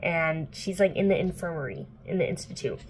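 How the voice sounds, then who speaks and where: A woman's voice: on the low side, expressive, brisk, a little hiss or hum. A young woman book vlogger casually recapping a plot indoors, chatty and playful, full of "like" and swearing. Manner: chatty, filler-heavy, profane, playful.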